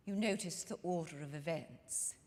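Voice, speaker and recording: A woman's voice: sits low, normal speed, darkish tone. A woman storyteller telling a life story in the first person, in character, with a dramatic, intimate manner that speaks straight to the audience, performed live in a church hall. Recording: long hall reverb from a live room.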